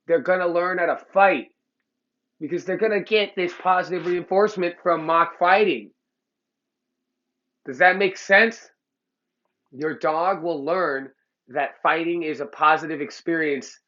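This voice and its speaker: The audio is dull, but the voice comes through on the high side with a fairly bright tone. It belongs to an LA dog trainer lecturing the camera in a blunt, heated, profane way.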